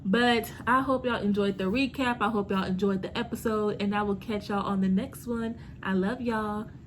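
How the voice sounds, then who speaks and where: A young woman chatting casually as a TV recap vlogger, sassy and animated, talking straight to her viewers with lots of "girl" and "honey". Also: mid-range voice, moderate pace, a little hiss or hum.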